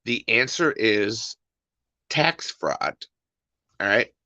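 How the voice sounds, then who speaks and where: Exasperated rambling man, bright voice. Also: on the low side, sing-song, very slow, no echo. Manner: exasperated, rambling, repeats himself. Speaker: podcast host. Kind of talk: casual livestream rant.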